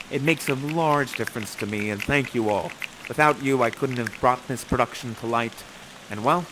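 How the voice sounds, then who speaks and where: Effusive theatrical man with a lively voice. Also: medium pitch, noisy background. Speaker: actor and host of an interactive theater show. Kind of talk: theatrical Shakespeare performance and audience hosting.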